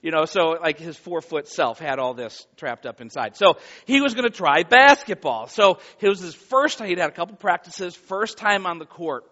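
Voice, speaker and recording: A high-pitched man preaching to his congregation, earnest, growing loud and animated as his story builds. The sound is dull and lo-fi. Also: moderate pace, few pauses. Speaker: pastor. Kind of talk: sermon with prayer and storytelling.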